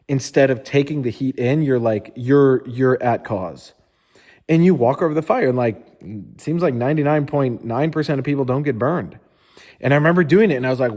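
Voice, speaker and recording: A man's voice: a little high, lively intonation, a little fast, darkish tone, big-room sound. A man in a casual motivational storytelling style, candid and informal, who swears often and says "like" a lot. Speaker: motivational speaker.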